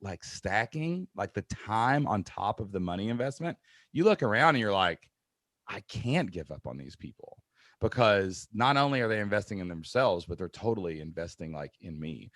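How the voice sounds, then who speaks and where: A man hosts a podcast in a casual chat, spinning stories. His low voice swoops up and down with a lot of movement, loud one moment and hushed the next. The sound is close and dry. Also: normal speed, no echo. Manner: animated storyteller, shifts between loud bursts and quiet asides. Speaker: podcast host. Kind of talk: casual conversation.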